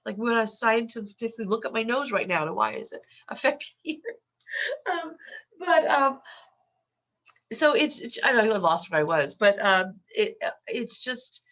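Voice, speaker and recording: A woman's voice: fairly high pitch, lively intonation, normal speed, a bit bright. An older woman with a cold and a stuffy nose, a guest on a podcast interview, speaking with frequent stuttered repetitions and restarts. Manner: stutters with repeated sounds and restarts. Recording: muffled lo-fi audio.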